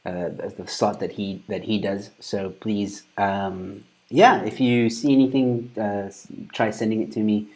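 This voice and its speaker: A man's voice: lowish voice, steady tone, measured pace, a little mellow. A man hosting a casual news commentary show, rambling loosely and breaking into laughter often. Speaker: show host.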